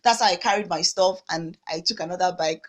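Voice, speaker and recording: A woman's voice: lowish voice, fairly quick. A young Nigerian woman with a Nigerian accent, telling a story to camera in a casual vlog, acting out the dialogue with local slang. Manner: animated, acts out dialogue with pidgin slang. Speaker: vlogger.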